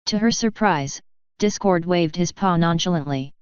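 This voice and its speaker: A woman reading fanfiction narrates in a steady storybook style, her voice low and very clear at a moderate pace. The recording is dry and close, though slightly muffled.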